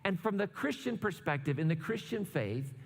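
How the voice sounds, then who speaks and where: A male pastor with a fairly high voice gives a relaxed, conversational sermon, full of jokey asides and "right?" check-ins. His voice rings out with a long reverb tail from a church hall. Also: normal speed, gravelly, breathy edge. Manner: chatty, asks "right?" often, jokes asides. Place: church sanctuary.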